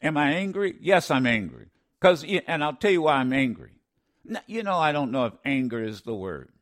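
A talk radio host with a fairly high, sing-song voice comments passionately at a brisk pace. He often stammers and restarts, repeating lines for emphasis like a preacher.

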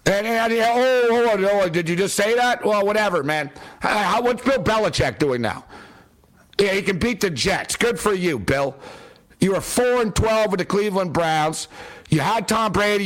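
A man with a high voice vents about football in a sarcastic, exasperated monologue. He talks bluntly and casually, like a fan commentator on his own show. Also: animated, moderate pace, fairly bright tone. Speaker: sports commentator. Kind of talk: opinionated sports rant.

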